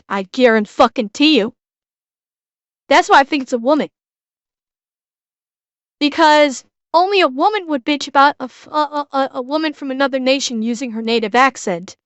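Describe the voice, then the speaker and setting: A woman's voice: high-pitched, fairly bright tone, no echo. A woman streamer reacting to a video, ranting bluntly with heavy swearing.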